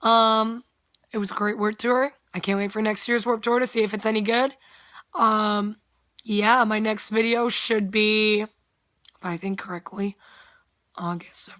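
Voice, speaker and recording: With a fairly high but flat voice, a young woman recounts a story for her casual vlog at a measured pace, dropping "like" often and swearing openly. The tone is slightly bright, and the studio-quality audio has no echo.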